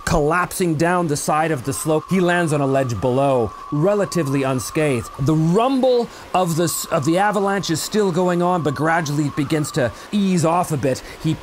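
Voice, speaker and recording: Man, game master, dramatic storytelling, slightly high voice, faint background noise. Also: moderate pace, few pauses. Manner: dramatic storytelling, with fillers and restarts. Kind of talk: narrating a tabletop role-playing game.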